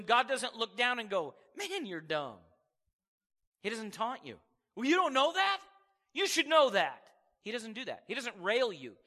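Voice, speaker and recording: High bright-voiced preacher in a reverberant hall. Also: male voice. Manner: animated preaching, acts out voices of God and people. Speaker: pastor. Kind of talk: sermon.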